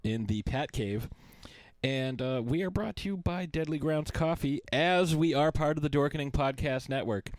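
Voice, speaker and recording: A man's voice: on the high side, normal speed, no room sound. A man hosting a podcast, rambling and joking crudely in casual chat. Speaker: podcast host.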